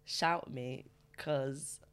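A woman's voice: a bass voice, steady tone, very slow, fairly bright tone, smooth. A young woman, chatting casually as a podcast co-host and telling stories with frequent laughter. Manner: chatty storyteller, laughs often. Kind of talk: casual chat.

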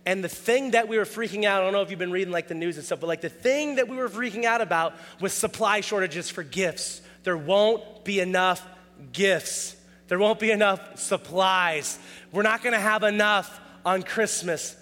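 High-voiced preacher with a bright sound. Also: male voice, normal speed, big-room sound. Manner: animated, acts out quoted dialogue in a raised voice. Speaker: pastor. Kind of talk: sermon.

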